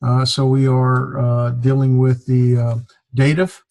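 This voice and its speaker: Gravelly man teaching a lecture. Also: medium pitch, unhurried, poor audio. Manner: steady explaining with many "uh" fillers. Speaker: Greek teacher. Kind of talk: classroom lecture.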